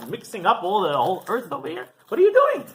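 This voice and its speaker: A man's voice: high-pitched, wildly swooping pitch, fast, voice pushed up. A man voicing a bewildered onlooker who scolds a farmer with indignant questions. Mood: exasperated.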